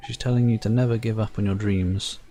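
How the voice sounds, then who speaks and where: A man's voice: on the low side, fairly even intonation, brisk, dark tone, a little hiss or hum, natural voice. A man reading an earnest young boy hero. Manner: earnest, sincere.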